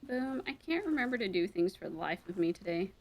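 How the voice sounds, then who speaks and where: A woman's voice: mid-range voice, big pitch swings, fairly quick. A woman streaming a game with a friend in playful casual chat, swearing freely and joking. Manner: playful, swears casually, acts out quotes in a whisper.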